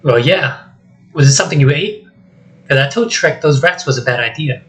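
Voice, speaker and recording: Man doing a jittery talking donkey, high yelping chatter, script read-through. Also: moderate pace, fairly bright tone, natural voice, rough recording. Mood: chatty. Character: loud jittery talking male donkey sidekick. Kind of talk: solo script reading with voices.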